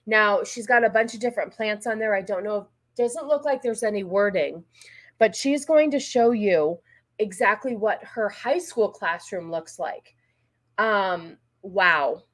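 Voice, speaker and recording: A woman's voice: medium pitch, unhurried, a bit bright. A middle-aged woman hosting a casual commentary livestream, blunt and exasperated, with frequent profanity. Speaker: livestream host.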